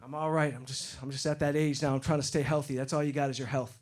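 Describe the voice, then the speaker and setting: A middle-aged man from Detroit doing a stand-up comedy set on stage, getting loud and animated when he acts out other people. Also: medium pitch, fast. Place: comedy stage before a live audience. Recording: live show with loud crowd laughter. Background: crowd laughing.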